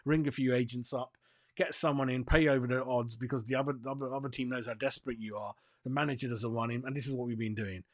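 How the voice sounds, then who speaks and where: A man hosting a football fan channel, giving a blunt, profane and fired-up rant on transfer news. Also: medium pitch. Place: seated, in a dry room.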